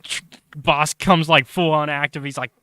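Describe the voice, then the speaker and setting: A man with a slightly high voice, a flat delivery and a sharp tone hosts a podcast, chatting casually. He rambles through a recap of a comic and voices the characters in quick asides. There's slight background noise.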